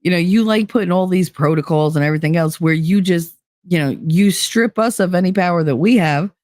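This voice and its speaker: A middle-aged woman, telling stories on a podcast in an animated, blunt way, swearing freely and acting out dialogue. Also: fairly low pitch, fairly quick, no room sound, studio quality. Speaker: podcast co-host, former teacher. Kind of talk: storytelling chat.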